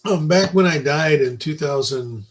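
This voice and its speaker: An older man giving an informal Bible lecture, rambling through personal stories and swinging between loud emphasis and quiet asides. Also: fairly high pitch, a little slow, a little hiss or hum, low-quality recording. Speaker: Bible teacher.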